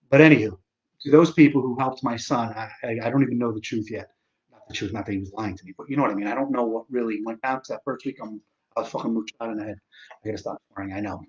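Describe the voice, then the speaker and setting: A man in his forties talks casually on a live stream, rambling and swearing as he jumps back into his sentences. His voice sits at an ordinary middle pitch. The audio is dull and lo-fi. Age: 40s. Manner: rambling and profane, with restarts and self-deprecating asides.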